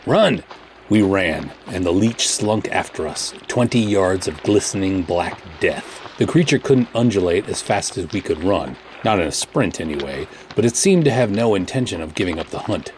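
Man narrating, very deep voice, measured and matter-of-fact, first-person pulp audiobook. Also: lively intonation, a little mellow, slight background noise.

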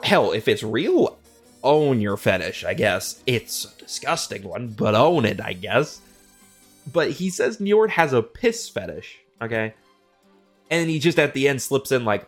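A man riffs through a comedic monologue in a rambling, profane way. He sounds incredulous, and his pitch jumps around a lot. Faint music plays behind him. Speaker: host.

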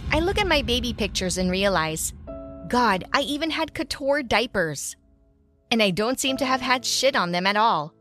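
A woman's voice: fairly high pitch, fairly bright tone. A woman narrating a first-person story in a bitter, confessional tone.

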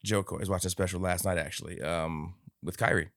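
A man's voice: sits low, fairly even intonation, fast, a bit bright, dry recording, studio quality. A man co-hosting a podcast, rambling through stories in casual chat with plenty of fillers and swearing. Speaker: podcast co-host.

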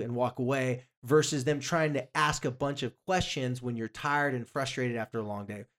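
A man hosting a podcast, talking casually and acting out little quotes with a lively delivery. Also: medium pitch, normal speed, hardly any pauses. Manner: animated, acts out quotes and jokes. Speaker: podcast host.

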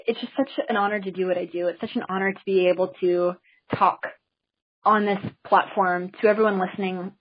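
A woman's voice: mid-range voice, slightly rough, lo-fi sound. A woman hosting her first teleseminar, talking in an enthusiastic, chatty way to listeners on the call. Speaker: host of a teleseminar. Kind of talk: casual talk to listeners on a call.

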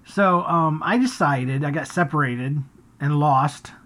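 Slow-paced and low-voiced yet fairly bright in tone, a woman hosts a casual family podcast. She tells stories in a rambling way, chuckling and restarting along the way.

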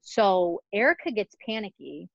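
A woman's voice: mid-range voice, lively intonation, unhurried, creaky, no room sound, muffled recording. A woman hosting a casual true-crime podcast chat, talking loosely with lots of fillers and giggles. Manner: chatty, many fillers and giggles. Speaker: podcast host.

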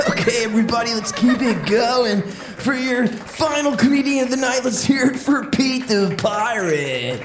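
A woman's voice: fairly high pitch, lively intonation, a little slow, soft background music. A woman hosting a children's stand-up comedy podcast with a bubbly, laughing manner. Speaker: host. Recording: roomy echo.

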